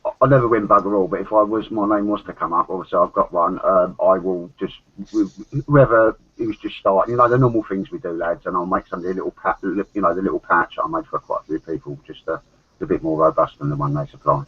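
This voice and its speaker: Cockney bloke nattering away on a podcast, low husky voice, muffled lo-fi sound. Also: male voice, fast. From London. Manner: chatty, rambling, swears and laughs often. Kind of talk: casual podcast chat. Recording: dull lo-fi audio.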